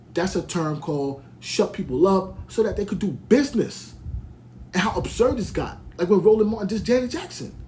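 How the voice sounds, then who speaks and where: A man's voice: sits high, mellow, slight background noise. A man from Brooklyn, hosting a podcast in a heated, rambling rant full of restarts. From United States (Brooklyn). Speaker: podcast host. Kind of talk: ranting monologue.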